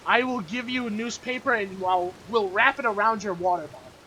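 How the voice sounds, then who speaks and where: A young man hosting a live stream, chatting casually with friends in a teasing, animated way, full of fillers. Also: high-pitched, fairly quick, crowd noise. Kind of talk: casual chat among friends. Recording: slightly muffled mic with faint noise.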